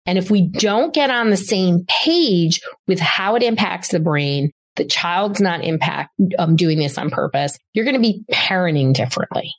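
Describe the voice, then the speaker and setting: A woman's voice: fairly low pitch, expressive, normal speed, few pauses. A middle-aged woman, a doctor and host, giving casual parenting advice with emphatic repeated words for stress. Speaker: podcast host and child behavior doctor.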